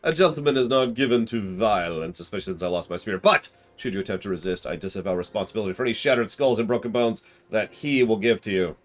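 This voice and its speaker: A man voicing a grandiose, theatrical gentleman inspector from a video game, speaking in florid, formal declarations. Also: on the low side, fast talker, few pauses, lightly acted.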